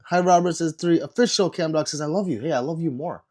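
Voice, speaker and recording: A man who is sick, chatting casually on a livestream and reading viewer comments aloud with low energy. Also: quick pace, a little mellow.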